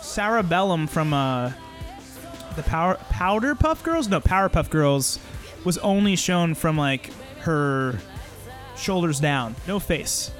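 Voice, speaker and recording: A man's voice: fairly high pitch, sing-song, takes it slowly, faint music behind. A man co-hosting a podcast, chatting casually in a blunt, profane way. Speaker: podcast co-host. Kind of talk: casual chat.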